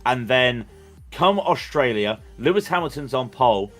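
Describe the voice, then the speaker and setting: A man's voice: mid-range voice, animated, moderate pace, faint music behind. A man commentating on a sim race in casual chat, rambling and joking with plenty of stammered restarts.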